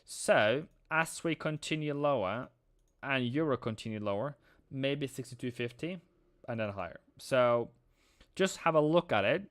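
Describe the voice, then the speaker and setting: Man, live stream host, excitable, slangy, slow-paced, smooth voice. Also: mid-range voice, dry recording, clean studio sound. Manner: excitable, slangy, calls viewers mate and bro. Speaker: forex trading streamer. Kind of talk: live trading stream commentary.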